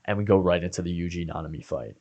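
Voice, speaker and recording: A man's voice: low voice, quick pace, highs cut off. A man co-hosting a podcast, talking earnestly and emotionally about a favorite anime character. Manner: earnest, emotional, soft-spoken at times. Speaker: podcast co-host. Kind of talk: casual anime discussion.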